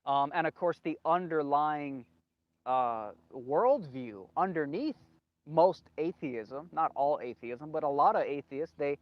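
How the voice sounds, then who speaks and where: A man's voice: on the high side, dry recording. Rambling man in a dull, dry recording. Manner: emphatic, repeats himself, loses his train of thought. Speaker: video host. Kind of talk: rambling solo monologue.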